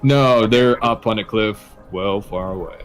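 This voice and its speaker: A man running a tabletop game as game master, explaining rules and narrating in a measured way. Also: on the low side, soft background music, poor audio.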